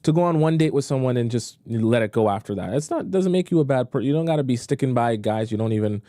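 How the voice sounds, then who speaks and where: A man's voice: medium pitch, expressive, quick pace, dark tone, no room sound. A man hosting a live dating-advice stream in a casual, emphatic way, often repeating himself to drive his point home.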